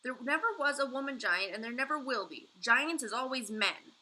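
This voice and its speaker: A woman's voice: high voice, expressive, normal speed, pitched above the performer's own voice, exaggerated voice. A woman reading aloud, voicing a very old, friendly male giant who talks in muddled, ungrammatical English. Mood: booming. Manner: jumbled grammar, loud and emphatic.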